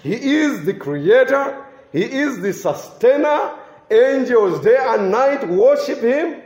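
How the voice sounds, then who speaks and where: This preacher speaks at a measured, deliberate pace, his expressive, darkish high voice rising and falling dramatically. Key phrases get extra stress and repetition for emphasis, and the sermon echoes through a reverberant room.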